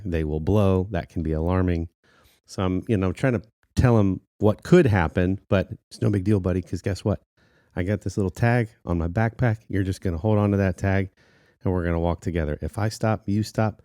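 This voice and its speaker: In casual podcast chat, a co-host in his thirties tells a story in a low, deep voice, animated and laughing often. He talks fairly quickly, and the sound is dry and close with no room sound.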